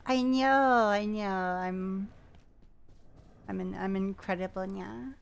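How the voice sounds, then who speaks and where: A woman's voice: mid-range voice, steady tone, slow, creaky, clean tone. A woman streaming a game, chatting playfully and casually with her viewers.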